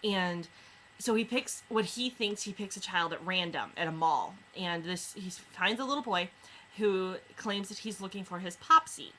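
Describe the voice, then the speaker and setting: A woman reviewing books in a casual chat, retelling stories with lots of fillers and quick asides. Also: mid-range voice, bright, forceful tone, slight background noise, low-quality recording. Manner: chatty retelling with many fillers. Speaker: book reviewer.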